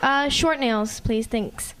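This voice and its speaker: High voiced woman in a comedy sketch, playful banter, noisy recording. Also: slow pace.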